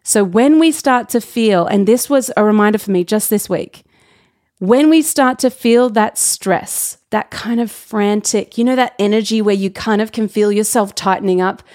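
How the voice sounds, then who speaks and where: A woman hosting her own business podcast. She talks casually and candidly, with quick asides and self-corrections. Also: mid-range voice, a little mellow. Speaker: podcast host. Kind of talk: casual solo podcast talk.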